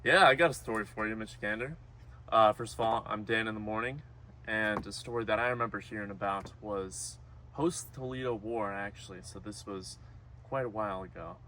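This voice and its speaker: A man improvising a comic story in a brisk, presenter-like patter. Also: on the low side, bright, forceful tone, slight background noise.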